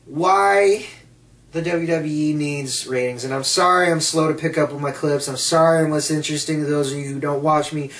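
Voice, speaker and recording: Man, casual rant, blunt and sarcastic, high voice, roomy, distant from mic. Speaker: wrestling vlogger. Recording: echoey room, off mic.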